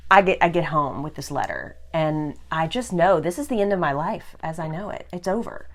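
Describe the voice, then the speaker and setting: Young adult woman, podcast co-host, animated storyteller, laughs often, slightly low voice. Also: moderate pace. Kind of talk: casual storytelling chat.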